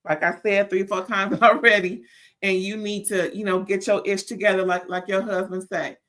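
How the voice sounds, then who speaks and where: A woman hosting a casual reality TV review, sassy and animated, calling listeners "child" and stammering when riled up. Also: mid-range voice, normal speed. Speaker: reality TV recap host.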